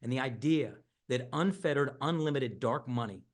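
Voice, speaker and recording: A man's voice: mid-range voice, normal speed. A middle-aged man giving an earnest, impassioned campaign speech over a video call, often repeating words as he builds. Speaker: Senate candidate.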